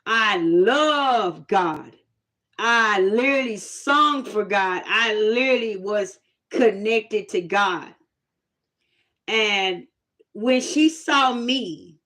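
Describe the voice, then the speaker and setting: A woman casually telling a personal testimony story, animated and plain-spoken, laughing often. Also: fairly high pitch, takes it slowly. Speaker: host sharing a testimony.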